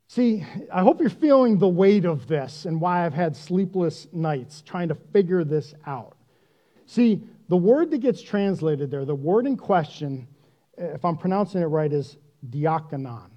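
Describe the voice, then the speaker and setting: Man preaching, high mellow voice, conversational and animated, dull lo-fi sound. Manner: conversational, self-deprecating, animated. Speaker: pastor. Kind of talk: sermon.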